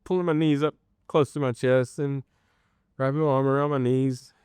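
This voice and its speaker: A man telling his personal faith testimony in an interview, earnest and halting, with many pauses and restarts. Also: medium pitch, fairly even intonation, a little mellow, clean tone, no echo, clean studio sound. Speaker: guest sharing a personal testimony.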